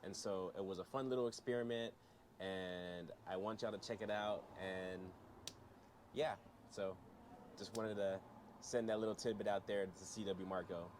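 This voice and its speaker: A man casually introducing a short clip of his own reading, in a relaxed, informal way, with noise behind him. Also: low-pitched, moderate pace. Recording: noisy background.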